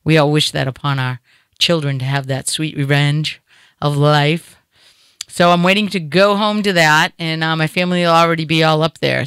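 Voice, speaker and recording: A middle-aged woman with a Boston accent hosts a comedy talk show from a studio, as a radio host making chatty, joking conversation that rambles with fillers. Her voice is lowish, a bit bright, and smooth, with no room sound.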